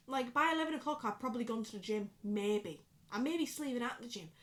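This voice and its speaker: A woman in her twenties with a Yorkshire accent, rambling and swearing freely in a casual vlog to camera. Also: on the high side. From Yorkshire, England. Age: 20s. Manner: rambling, sweary, chatty, animated. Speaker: vlogger.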